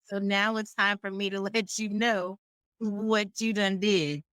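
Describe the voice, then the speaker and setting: A woman's voice: medium pitch, little pitch movement, a little slow, a bit bright, dry recording, clean studio sound. A woman co-hosting a casual podcast chat, emphatic and repeating words as she builds her point. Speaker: co-host.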